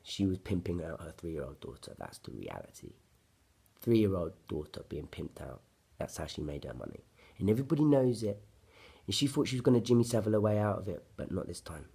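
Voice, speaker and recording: Man, husky, lowish voice, blunt profane ranting vlog story. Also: animated, fairly quick, mellow. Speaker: vlogger. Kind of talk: personal story told to camera.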